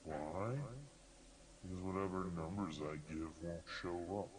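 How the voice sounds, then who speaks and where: A man voicing a menacing male entity living in a television in an analog horror series, deep and flat. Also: unhurried, distant mic, crowd noise. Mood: coaxing.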